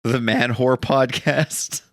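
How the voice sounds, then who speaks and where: Deadpan young podcast guy. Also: mid-range voice, slow pace, no room sound. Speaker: podcast co-host. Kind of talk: casual chat, reading out a list.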